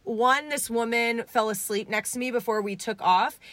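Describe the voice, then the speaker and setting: A young woman telling a story in a casual interview, lively and acting out the voices of people she quotes. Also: on the high side, normal speed, dry recording. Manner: animated, acts out quoted voices. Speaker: guest, essay writer.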